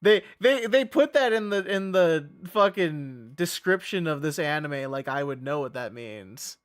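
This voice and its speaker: Slow, profane male streamer chatting. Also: on the high side, animated, smooth. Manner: rambling, profane, laughs often. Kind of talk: casual livestream chat.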